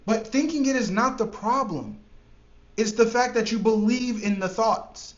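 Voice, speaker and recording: A man's voice: very high-pitched, animated, measured pace. A man giving an emphatic motivational talk as a trading coach, repeating points and swearing casually. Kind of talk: motivational monologue. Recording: echoey room, slightly dull sound.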